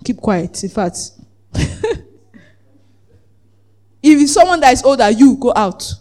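High-voiced lively preacher. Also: takes it slowly. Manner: lively, acts out quoted voices, laughs often; asks the congregation "Are we together?". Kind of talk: sermon.

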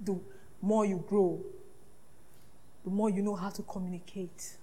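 A woman pastor preaching a sermon, lively and often laughing, acting out the voices she quotes. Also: medium pitch, a little slow.

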